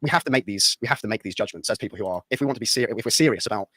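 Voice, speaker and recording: Rapid-fire British man, earnest commentary. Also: lowish voice, a bit bright, dry recording, clean studio sound. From Britain. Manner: earnest, halting with repeated words. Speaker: political commentator. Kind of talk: studio political discussion.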